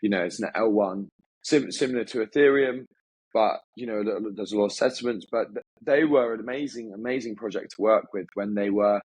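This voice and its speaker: A man's voice: fairly low pitch, darkish tone, husky, dry recording, low-quality recording. A man as an interview guest, upbeat and chatty, often restarting his sentences. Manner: upbeat, talks in quick bursts with many restarts. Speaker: guest, agency founder. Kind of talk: casual interview talk.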